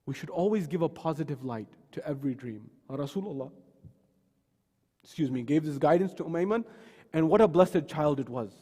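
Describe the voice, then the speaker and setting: A man's voice: fairly high pitch, animated, a little fast, dark tone, breathy edge. Man giving a sermon in a reverberant hall. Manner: dramatic storytelling, voicing quoted people. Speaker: speaker at a mosque. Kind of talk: sermon with acted retellings. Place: mosque hall.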